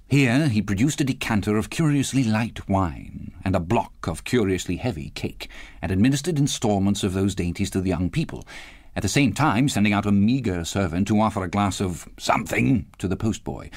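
A man reading a classic novel aloud as an audiobook narrator, with expressive, varied delivery. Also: lowish voice, no echo, studio quality. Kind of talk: scripted narration.

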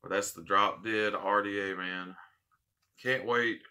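A man's voice: fairly low pitch, steady tone, slow pace, bright, forceful tone. A man hosting a casual unboxing vlog, heartfelt and rambling, repeating his thanks. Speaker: vape channel host.

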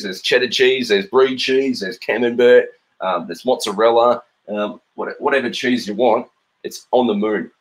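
A middle-aged man with an Australian accent, a cartoonist chatting playfully while drawing live, with frequent ums. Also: medium pitch. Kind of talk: live-stream drawing chat.

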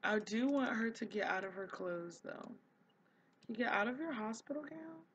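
A bright, higher-pitched woman narrates her game in an excitable, gushing rush, breaking into little quoted voices for her characters. The sound is a touch dull, with faint noise underneath. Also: normal speed. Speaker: let's play host. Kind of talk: casual gameplay commentary.

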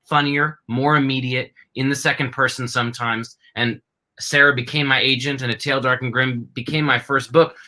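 A man talks warmly and playfully as moderator of an author conversation. His voice is bright and forward. It comes through a video-call microphone. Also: mid-range voice, steady tone, normal speed, rough recording. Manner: playful, enthusiastic. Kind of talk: casual chat.

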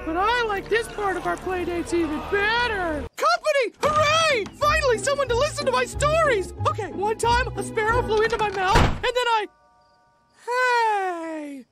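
A voice actor playing an overeager male owl-house creature in a cartoon, who shouts out cheerful, clingy exclamations and keeps hooting. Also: very high voice, animated, normal speed, over loud music. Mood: manic excitement. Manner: constant exclamations, punctuated by hooting. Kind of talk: animated cartoon voice acting. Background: loud cartoon score.

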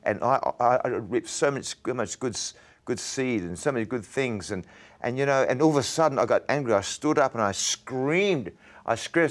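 Earnest man telling his story. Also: mid-range voice. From Australia. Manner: earnest, halting storytelling, often repeating words. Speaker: evangelist guest. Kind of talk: interview testimony.

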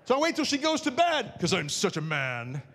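A man giving a conference talk to an audience, telling a funny personal story in an animated, self-mocking way and acting out scenes. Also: high-pitched, moderate pace. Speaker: conference speaker. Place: large parish hall with an audience. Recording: reverberant hall.

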